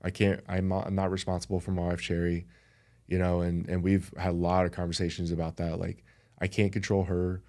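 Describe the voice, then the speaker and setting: A man's voice: low voice, completely flat delivery, fairly quick, darkish tone. A man talking as a podcast guest in a casual conversation, earnest and reflective.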